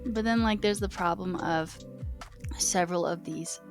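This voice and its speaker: A woman's voice: lowish voice, normal speed, over music. A young American woman streaming from home, chatting casually with many fillers. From United States. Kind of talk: casual live-stream chat.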